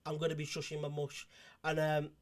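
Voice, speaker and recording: Man, livestream host, rambling, jokey, fairly high voice. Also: completely flat delivery, a little fast. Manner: rambling, restarts, jokey asides. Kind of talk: casual livestream chat.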